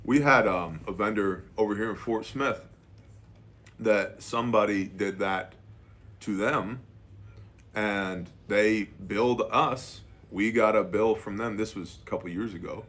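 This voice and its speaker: A man's voice: on the low side, measured pace. A man and business owner telling a casual story, acting out the dialogue with "I'm like" and "she's like.". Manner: animated, quotes dialogue with "I'm like".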